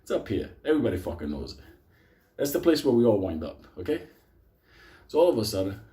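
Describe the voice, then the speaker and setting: New guy telling a wild story to a crowd, cursing every other word, mellow low-key tone, keeps cracking himself up. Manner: profane, rambling, laughs between lines. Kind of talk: live comedic storytelling to an audience.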